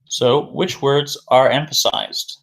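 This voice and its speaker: A man's voice: medium pitch, fairly even intonation, slow pace, gravelly, a bit bright. A man teaching an English vocabulary lesson who repeats key words and asks questions before answering them himself.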